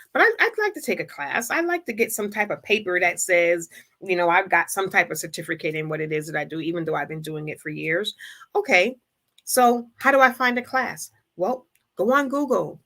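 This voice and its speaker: Bright-voiced woman giving a motivational talk. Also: fairly low pitch. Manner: preachy, voices imagined people in quick asides. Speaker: livestream host. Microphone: streaming setup.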